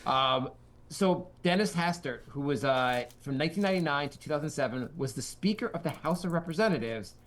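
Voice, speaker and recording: A man with a lively, bouncing pitch that sits a little high, talking in a loose, joking podcast chat. He stumbles over his words and repeats himself, then bursts into loud mock-heroic rants. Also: brisk. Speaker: podcast co-host. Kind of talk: casual comedy chat.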